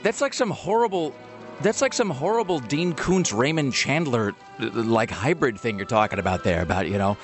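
A man hosting a radio talk show, joking in quick, wry banter. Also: mid-range voice, expressive, soft background music. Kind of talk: casual comedic banter.

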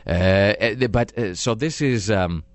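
A man's voice: fairly low pitch, takes it slowly, dry recording. A man hosting a podcast in casual chat, rambling and self-deprecating, with lots of fillers. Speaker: podcast host.

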